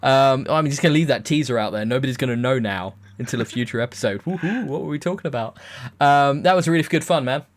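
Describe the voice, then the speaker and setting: A man's voice: mid-range voice, fast. A young man hosting a casual podcast chat, jokey and rambling, often restarting his sentences. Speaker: podcast host.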